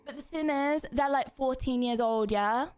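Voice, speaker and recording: A young woman with a southern English accent chats to her stream in a high, bouncy voice. She rambles, giggles and fills her talk with "like" and "um". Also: moderate pace, a little hiss or hum. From England. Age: young adult. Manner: animated, giggly, rambling with many fillers. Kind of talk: casual live-stream chat.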